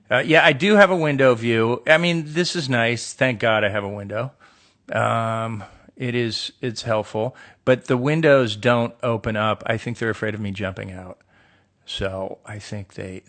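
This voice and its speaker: This middle-aged man from the United States does a casual solo live stream on his phone, sitting in an indoor room with a window. His voice is mid-range, creaky, and fairly bright. He reads out fans' questions and riffs on them with dry, joking sarcasm.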